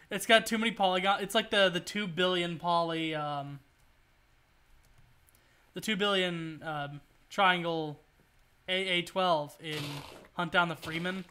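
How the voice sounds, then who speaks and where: High, bright-voiced male streamer. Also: fairly even intonation, unhurried, long pauses, smooth. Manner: rambling, joking, swears at the game. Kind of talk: casual gameplay commentary.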